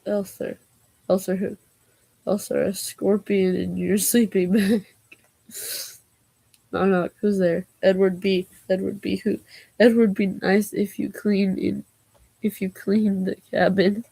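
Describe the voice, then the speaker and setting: A woman's voice: medium pitch, level tone, slow, vocal fry, long pauses, dark tone, breathy edge, dry recording. A woman vlogger reading knock-knock jokes aloud, taking both parts herself and breaking off for giggly asides.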